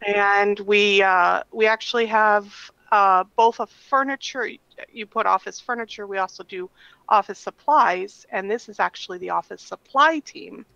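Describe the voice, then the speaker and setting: Bright-voiced woman on a dull call line. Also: mid-range voice, normal speed, creaky, clean tone, dry recording. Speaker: caller. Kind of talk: casual conversation.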